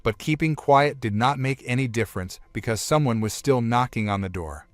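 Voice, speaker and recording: A man's voice: medium pitch, expressive, normal speed, no echo. A man narrating a comic story recap, retelling plainly in the present tense.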